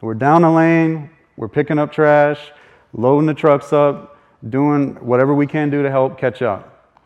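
A man's voice: a little high, measured pace, smooth, highs cut off. Man telling a faith story, chuckling. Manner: animated storyteller, acts out quoted voices. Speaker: speaker sharing a personal testimony.

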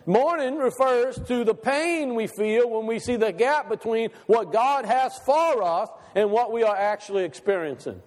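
A man's voice: very high voice, animated, normal speed, hardly any pauses, long reverb tail. A male pastor preaching a sermon, asking the congregation question after question and repeating phrases for emphasis. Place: church sanctuary.

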